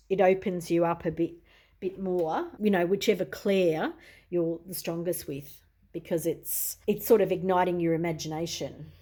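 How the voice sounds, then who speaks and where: Mellow-voiced Australian woman, chatty. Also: lowish voice. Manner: chatty and easygoing, with frequent "you know" and "I suppose". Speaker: tarot reader. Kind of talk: casual show-and-tell video.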